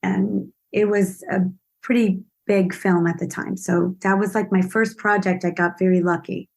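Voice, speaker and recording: A woman, an actress, telling lively, self-deprecating stories as a podcast guest. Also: mid-range voice, moderate pace, gravelly. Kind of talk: podcast interview storytelling.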